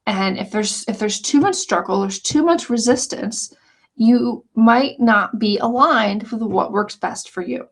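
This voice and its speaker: A woman's voice: fairly high pitch, a little slow. A woman teaching an online scrapbooking course, walking through the lessons in an earnest, chatty way with frequent restarts. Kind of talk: casual walkthrough of course lessons.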